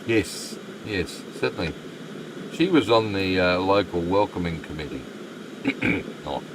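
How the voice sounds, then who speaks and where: A man's voice: deep voice, lively intonation, measured pace, noisy background. An Australian man live-streaming a game, chatting with viewers and muttering asides to the game. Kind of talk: live stream commentary, reading chat.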